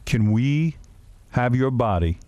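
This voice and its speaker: A man's voice: medium pitch, lively intonation, slow pace, a little mellow, muffled recording. A man hosting a radio talk show, needling a guest with teasing questions.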